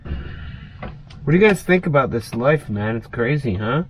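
A man's voice: medium pitch, sing-song, unhurried, slight background noise. A man vlogging while cooking in a small motorhome kitchen, talking in a laid-back, folksy way to his viewers. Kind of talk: casual chat to camera. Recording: guitar music playing underneath. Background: guitar music.

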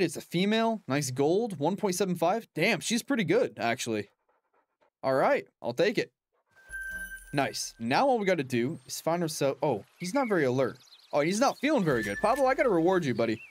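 A young man giving casual, chatty commentary while playing a hunting game, laughing often and talking to his in-game dog. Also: fairly high pitch. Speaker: gaming channel host.

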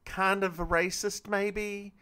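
A man with a bright, fairly high voice, co-hosting a podcast. He recaps a TV episode in casual, gossipy chat. He keeps quoting the characters along the way. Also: little pitch movement, slow pace, clean tone. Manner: chatty, gossipy, quotes characters. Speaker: podcast co-host.

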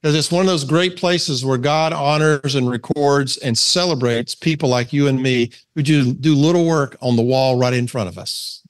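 A man with a Southern American accent leads a men's Bible study like a casual sermon, conversational in tone, posing questions to his listeners and reading scripture aloud. His mid-range voice is smooth, at a moderate pace with few pauses.

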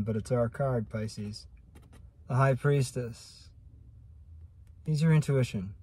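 A man's voice: medium pitch, slightly rough. A man giving a casual daily tarot reading, thinking aloud and asking spirit about each card. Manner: relaxed, musing, talks to spirit while drawing cards. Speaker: tarot reader.

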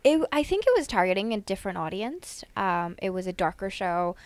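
A woman's voice: medium pitch, lively intonation, brisk, dry recording. Hesitant woman explaining a TV show. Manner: hesitant, many ums and restarts. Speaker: podcast co-host. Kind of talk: casual chat.

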